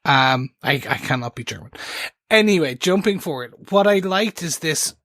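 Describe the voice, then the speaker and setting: A man hosts a TV recap podcast in casual chat, talking eagerly, hopping between points and restarting often. His fairly high, expressive voice has a fairly bright tone at a moderate pace, recorded dry with clean studio sound.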